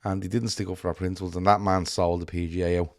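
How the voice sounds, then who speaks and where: A man co-hosting a casual podcast chat, rambling with many pauses and restarts. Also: low voice, level tone, darkish tone, no echo, studio quality. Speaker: podcast co-host.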